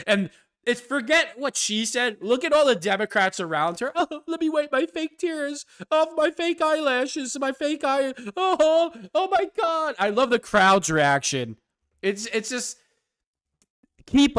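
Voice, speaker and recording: A man's voice: sits high, pushed and bright, smooth, dry recording, clean studio sound. A man hosting his own show, delivering a sarcastic, combative political commentary rant. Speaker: host.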